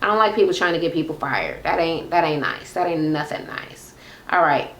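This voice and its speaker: A woman's voice: deep voice, lively intonation, brisk, fairly bright tone. Blunt gossipy woman recapping TV. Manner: blunt, profane, gossipy, acts out quotes. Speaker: reality TV recap vlogger. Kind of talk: casual recap chat.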